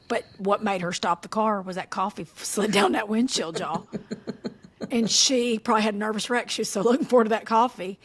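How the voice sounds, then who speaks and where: A middle-aged woman holds forth in a casual podcast chat. She tells stories with lots of animation and laughs often, slipping in folksy turns of phrase. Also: medium pitch. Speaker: podcast co-host.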